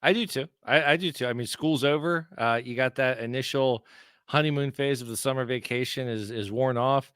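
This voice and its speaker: A man's voice: medium pitch, normal speed, fairly bright tone, smooth, no room sound, clean studio sound. A man co-hosting a sports podcast in a casual chat, with a wry, sarcastic, cheeky manner. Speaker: podcast co-host.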